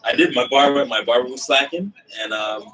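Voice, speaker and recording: A man chatting casually as a podcast co-host, with a bright, forward tone. He sounds playful and teasing as he moves the conversation along. His voice sits a little back from the microphone. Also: mid-range voice, fairly quick, recorded from a distance, rough recording. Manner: playful, teasing, steers the talk to new topics. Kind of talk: casual chat.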